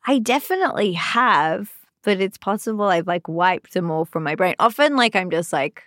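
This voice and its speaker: A woman's voice: fairly low pitch, lively intonation, normal speed, a bit bright, no room sound, clean studio sound. A woman from Sydney with an Australian accent, chatting casually as a guest in an interview, laughing easily and filling her talk with "like". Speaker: actor, guest.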